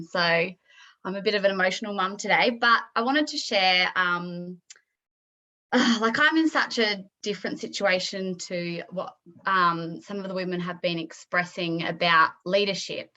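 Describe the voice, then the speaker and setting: A woman in her thirties sharing emotionally on a group video call, halting with many ums and close to tears. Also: mid-range voice, pushed and bright, muffled recording.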